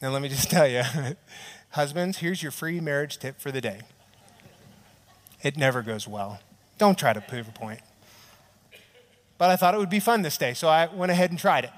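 A man's voice: on the high side, normal speed, long pauses, big-room sound. A man preaching a sermon to a church audience in a conversational, storytelling way, often checking in with "right?" and acting out little quotes. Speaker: pastor. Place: large church hall with an audience.

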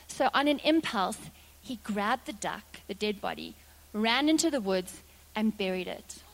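A woman preacher telling a story in a sermon, in a lively, dramatic way. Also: mid-range voice, a little slow.

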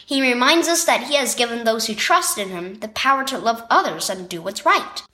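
A woman's voice: on the high side, animated, normal speed, pushed and bright. A woman narrating a children's devotional story reading in a storytelling manner. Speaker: devotional reader.

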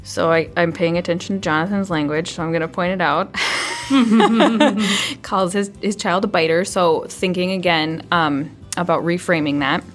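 A woman who is an early childhood mental health specialist gives parenting advice in a podcast interview. She talks conversationally and often drops into a hushed, soothing tone. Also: lowish voice, normal speed, soft background music.

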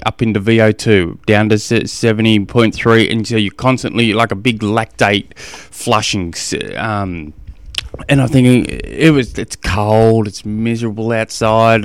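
Rambling Australian man with a smooth voice. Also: mid-range voice, no room sound. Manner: rambling, chatty, self-deprecating. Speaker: podcast host. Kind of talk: casual chat.

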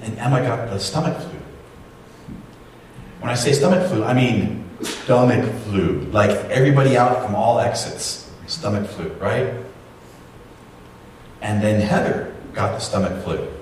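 A man's voice: medium pitch, lively intonation, unhurried, pauses often. A man in his forties preaching a sermon, telling a family story with self-deprecating humor. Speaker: pastor. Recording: very echoey hall, distant mic, faint noise.

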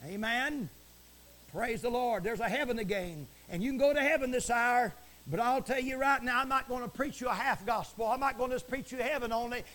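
A man preaching a fiery broadcast sermon from the pulpit, swinging from shouts to hushed asides and repeating stock phrases. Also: very high-pitched, brisk. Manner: repeats stock phrases like praise the Lord and it is written.

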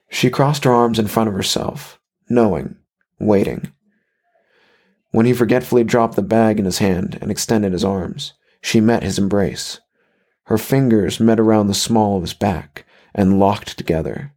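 A man reading a horror story aloud in measured, even scripted narration. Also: on the low side.

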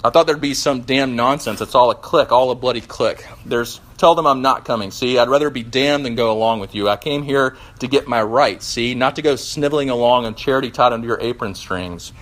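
A man's voice: medium pitch, brisk, few pauses, fairly bright tone, natural voice. A man putting on an indignant bitter ghost. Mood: bitter defiance. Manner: bitter, defensive, raised voice. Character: indignant self-righteous ghost of a dead man.

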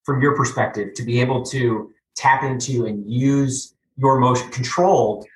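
A man's voice: medium pitch, moderate pace. Man hosting in a roomy space. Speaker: podcast host. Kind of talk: podcast interview. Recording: roomy room with faint background noise.

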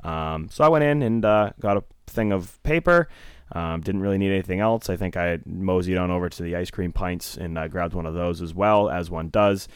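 A man's voice: sits low, fairly quick, smooth, dry recording, studio quality. A man co-hosting a podcast, telling a rambling, profane anecdote with lots of laughter. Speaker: podcast co-host. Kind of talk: casual storytelling on a podcast.

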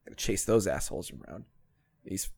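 A man's voice: low-pitched, a little fast, creaky, slightly rough, no echo. Guy cohosting a podcast, voice jumps all over, swears a ton, dry close sound. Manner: animated, profane storyteller with swinging loudness. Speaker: podcast co-host. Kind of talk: casual chat, storytelling.

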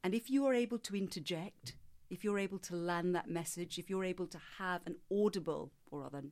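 A woman voice coach speaks in a measured, explanatory way, her voice sitting a little low for a woman. She answers questions at length and now and then demonstrates with her own voice. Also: a little mellow. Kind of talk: interview answers.

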